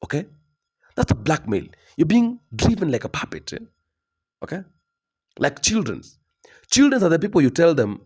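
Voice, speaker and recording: A man's voice: mid-range voice, very animated, moderate pace, long pauses, breathy edge. A young man delivering an emphatic opinion monologue, lecturing and repeating himself with frequent tag questions. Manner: emphatic, repetitive, lecturing with frequent "okay?" tags. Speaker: commentator.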